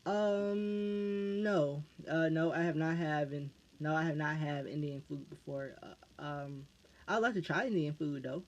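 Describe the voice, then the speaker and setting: An American man chats through viewer questions in a loose vlog style, pitched a little on the high side. He trips over his words, looping back on half-phrases before finishing them. The sound is muffled and lo-fi. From United States. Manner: halting, restarts phrases over and over. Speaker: YouTuber answering fan questions. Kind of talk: casual Q&A vlog. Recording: dull lo-fi recording.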